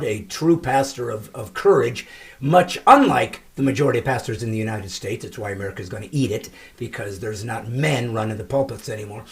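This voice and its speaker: A middle-aged man hosting his comedy podcast, telling stories with emphatic, shouted punchlines. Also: mid-range voice. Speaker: comedian host. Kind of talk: comedic podcast monologue and banter.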